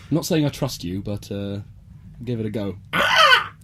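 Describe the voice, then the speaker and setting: A man's voice: lowish voice, background noise. Young man playing a grumpy sarcastic superhero. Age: young adult. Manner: sarcastic, blustering, squawks. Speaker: improv performer. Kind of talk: improv comedy.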